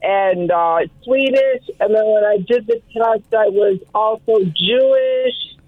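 A woman calling in to a radio show, talking in a slow, wandering way with lots of fillers, over the phone. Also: fairly high pitch, no room sound. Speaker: caller. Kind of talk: phone-in chat. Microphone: telephone. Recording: dull phone line.

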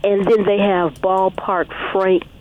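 A woman's voice: mid-range voice, flat delivery, takes it slowly. A friendly, chatty caller shares tips with a radio host. Her voice comes through a thin, tinny phone line. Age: 60s. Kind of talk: casual call-in chat.

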